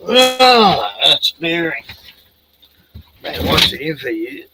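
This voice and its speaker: A man's voice: on the high side, big pitch swings, very slow, background noise. An Australian man hosting a casual livestream, rambling, swearing and chatting to his dog. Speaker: livestream host.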